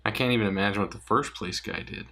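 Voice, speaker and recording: A man's voice: lowish voice, fast talker, a bit bright, close to an everyday voice. A man voicing an amazed ordinary guy questioning samurai in a joke, in a raised, impressed tone.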